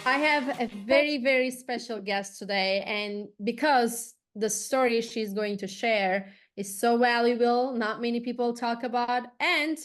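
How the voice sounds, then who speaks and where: A woman hosts a podcast interview in an earnest, emphatic way. She leans on her words and speaks from the heart. Her voice sits somewhat high. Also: unhurried, few pauses, faint music behind. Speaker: podcast host.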